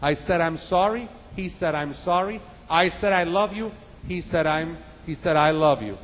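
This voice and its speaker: A man voicing an excited young boy who rushes home to tell his mother what he heard, in an eager, tumbling way. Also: fairly high pitch, big-room sound.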